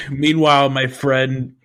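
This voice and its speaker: A man's voice: mid-range voice, flat delivery, takes it slowly, fairly bright tone. Laid-back man telling a story, laughing. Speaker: podcast co-host. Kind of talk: casual chat, storytelling.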